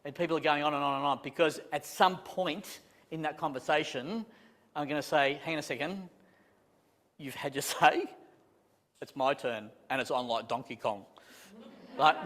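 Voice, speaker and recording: A man's voice: a little high, fairly quick. Chatty man training a room. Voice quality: chatty, animated, self-deprecating jokes, many restarts. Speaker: property management trainer. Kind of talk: live training talk to a room. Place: conference room with a live audience. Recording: long reverb in a large hall.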